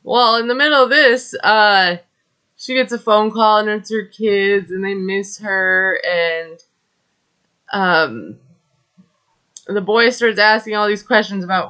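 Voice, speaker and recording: A woman's voice: medium pitch, takes it slowly, pushed and bright, smooth. A woman recapping a reality TV episode in a chatty, gossipy way, with many fillers and wry asides. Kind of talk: casual recap commentary.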